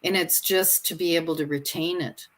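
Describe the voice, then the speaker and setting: Low-voiced, reflective woman co-host. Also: fairly even intonation, moderate pace. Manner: reflective, often adding "right?" and "you know". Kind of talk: reflective conversation.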